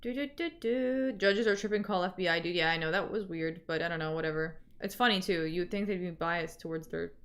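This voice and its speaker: A woman's voice: fairly low pitch, fairly quick, hardly any pauses, fairly bright tone. A young woman with a Canadian accent, chatting casually with viewers as a livestream host and reading their comments aloud.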